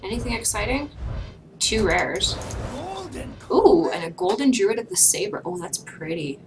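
A woman's voice: mid-range voice, lively intonation, measured pace. A young woman giving casual gameplay commentary at home, chatting playfully and scolding her cat between plays. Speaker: gaming vlogger. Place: home, indoors. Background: game music.

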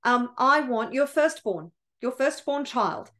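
A woman's voice: high voice, lively intonation, takes it slowly, fairly bright tone, exaggerated voice. A woman voicing a strange, smug little elf man who bargains in an offhand, teasing way.

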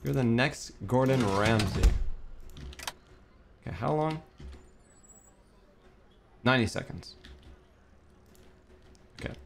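A young man narrates his own cooking-game run, frantic and self-talking, swearing as he hunts for things. His voice sits at an ordinary middle pitch. A faint hiss and keyboard clicks run under his voice. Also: lively intonation, slow, vocal fry, pauses often. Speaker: streamer. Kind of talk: gameplay commentary.

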